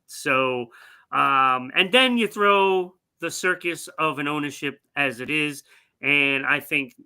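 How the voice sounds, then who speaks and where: A man co-hosting a sports talk show, ranking teams in an unhurried way with many pauses. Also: mid-range voice, bright, forceful tone.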